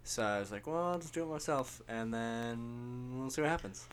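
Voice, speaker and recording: A man's voice: medium pitch, lively intonation, moderate pace, slight background noise. A man guesting on a casual podcast, telling rambling, self-deprecating stories with a jokey manner. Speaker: musician guest.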